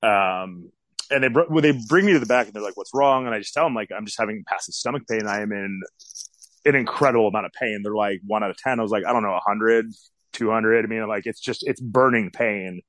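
Interview guest, man, forties, low voice, dry close sound, candid and rambling delivery. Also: fast, fairly bright tone, no echo. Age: 40s. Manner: candid, rambling with many fillers. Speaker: guest telling his story. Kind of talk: casual interview storytelling.

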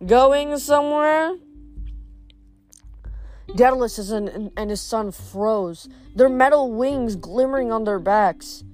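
A woman's voice: fairly high pitch, unhurried, few pauses, a little mellow, soft background music. A woman reading chapters of a novel aloud, often stumbling over words and restarting. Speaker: reader.

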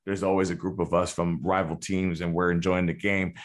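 A man's voice: low voice, little pitch movement. A man from the United States in a casual chat, who often stops and restarts his sentences and readily agrees with the other speaker. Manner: halting, restarts a lot, agreeable.

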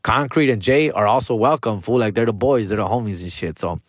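A man's voice: on the low side, fairly quick, no echo, studio quality. Profane slangy man in his forties. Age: 40s. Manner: profane, slangy, frequently addresses listeners as dog and fool; drops Spanish slang phrases. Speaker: podcast host. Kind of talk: casual monologue.

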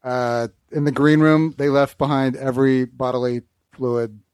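A man's voice: medium pitch, little pitch movement, moderate pace, a little mellow, clean tone, no echo. A man in casual chat who tells touring stories in a wry, matter-of-fact way.

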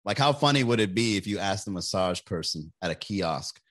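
A man's voice: fairly low pitch, expressive, a little fast, a bit bright. A man hosting a podcast, telling a rambling, crude story in a casual monologue, laughing often and acting out other people's lines. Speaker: podcast host.

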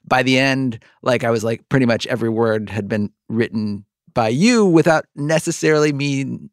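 A man's voice: mid-range voice, moderate pace, dry recording, clean studio sound. A middle-aged man hosting a podcast interview, rambling with many likes and restarts. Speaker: podcast host. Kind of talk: conversational interview.

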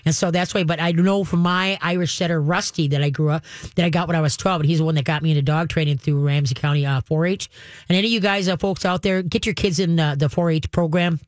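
A woman's voice: sits low, steady tone, quick pace, no echo. A woman hosting a radio call-in show on dog training, chatty and laughing, often acting out voices. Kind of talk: radio call-in advice talk. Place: radio studio. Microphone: studio microphone.

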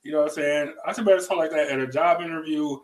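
A man's voice: on the high side, fast talker, poor audio. A man hosting a casual chat who talks emphatically, laughs often and repeats his words. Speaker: podcast host.

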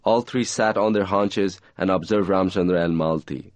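A man reading aloud from his own novel in a measured, even storytelling manner. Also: low-pitched, no room sound.

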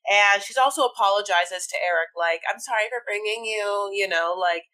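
A woman's voice: mid-range voice, normal speed, pushed and bright. A woman co-hosting a casual podcast, rambling through a reality show recap with many fillers. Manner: rambling, lots of "like" fillers, easygoing. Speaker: podcast co-host.

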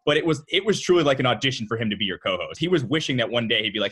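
A man's voice: mid-range voice, animated, very fast, few pauses, fairly bright tone, husky. A male co-host in a casual chat, telling stories in a chatty way with frequent restarts.

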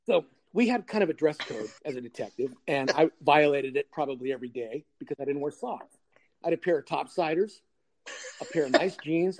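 A man's voice: a little high, darkish tone. An older man, a retired detective, telling a blunt, wry anecdote and acting out both sides of the dialogue. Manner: blunt, wry, acts out dialogue with lots of "I go" and "he goes". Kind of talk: casual anecdote storytelling.

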